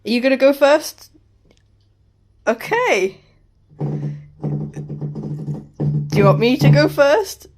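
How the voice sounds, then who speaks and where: A woman's voice: sits high, big pitch swings, slow pace, pauses often, over music. A woman co-hosting a casual vlog, giggly and teasing. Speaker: vlog co-host. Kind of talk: casual chat. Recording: loud background noise.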